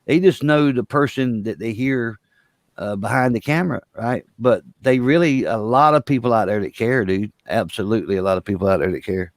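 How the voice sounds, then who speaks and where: A man's voice: medium pitch, brisk, no echo. A man with a Southern US accent chatting on a live panel, rambling and heartfelt with lots of fillers. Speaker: panel guest. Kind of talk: casual chat.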